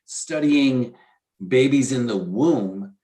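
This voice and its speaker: Male co-host, casual and eager, rambles with restarts at a mid pitch. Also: slow, mellow. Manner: enthusiastic, rambling with restarts and fillers. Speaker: podcast co-host. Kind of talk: casual chat.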